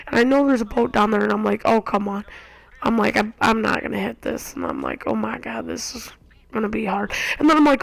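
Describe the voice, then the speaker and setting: A woman giving casual gameplay commentary, excitable and acting out her own reactions. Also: a little high, moderate pace, creaky, dry recording, rough recording. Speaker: gamer. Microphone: console share recording.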